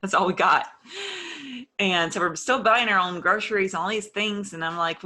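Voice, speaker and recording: A woman's voice: lowish voice, normal speed, sharp tone. A woman telling her personal story in an interview, earnest and openly emotional, acting out old conversations as she goes. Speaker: interview guest.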